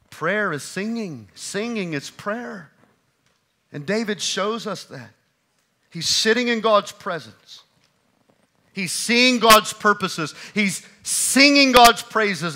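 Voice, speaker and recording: A man preaching a sermon from the pulpit, his voice pitched high and bright. He drives points home with loud bursts, then sinks to hushed, quiet lines. It is the steady, emphatic cadence of a church pastor. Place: church sanctuary.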